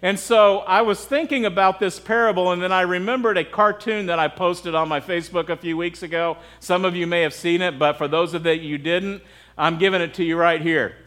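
American male pastor, high pitch, casual preaching, keeps asking the room "right?". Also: fairly even intonation, fairly quick, a bit bright. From United States. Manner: conversational, asks the crowd "right?" often. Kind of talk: sermon.

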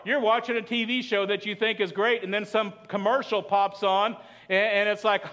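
A man's voice: sits high, normal speed, fairly bright tone. A man preaching a sermon as pastor, chatty and asking the congregation questions. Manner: conversational, asks the congregation questions.

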